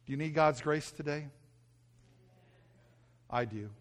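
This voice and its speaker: A male pastor earnestly preaches a sermon built around a personal story, frequently dropping into a soft, hushed voice and repeating himself when moved. His voice is on the high side and his pace is slow.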